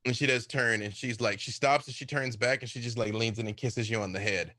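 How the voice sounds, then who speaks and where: A game master spins a survival horror tabletop scene in loose, rambling narration. His voice is bright and forward, and it sounds dry and close. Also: medium pitch, steady tone, fairly quick, hardly any pauses, no echo.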